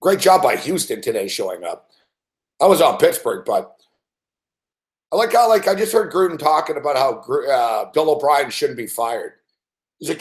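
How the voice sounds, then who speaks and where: A man's voice: on the high side, sing-song, moderate pace. A man giving a live sports betting rant, profane and exasperated.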